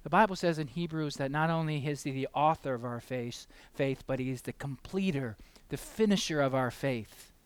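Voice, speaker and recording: A man preaching a sermon with passion, questioning his listeners again and again and swinging from loud emphatic peaks down to quiet asides. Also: medium pitch, moderate pace, smooth, no room sound. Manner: asks the listeners many rhetorical questions; acts out the voices of people in the story.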